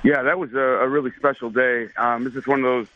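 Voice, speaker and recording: A man, a baseball umpire, telling stories in a relaxed, thoughtful way with many fillers during a radio interview. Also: medium pitch, fairly quick. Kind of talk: casual storytelling in a radio interview. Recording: dry phone line.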